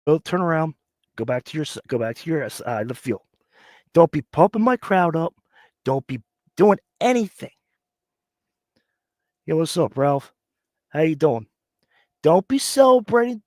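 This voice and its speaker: A man's voice: sits high, dry recording. A man hosts a sports stream while nursing a cough. He rants and mocks in a voice that leaps up and down. The sound is close and dry, with no room around it. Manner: animated, mocking, mimics players. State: sick with a cough. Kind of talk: casual live-stream rant.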